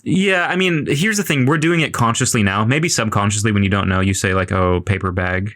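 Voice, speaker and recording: A man's voice: mid-range voice, a little fast, a bit bright. A man co-hosting a podcast in casual chat, easygoing and drifting into musing tangents. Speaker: podcast co-host.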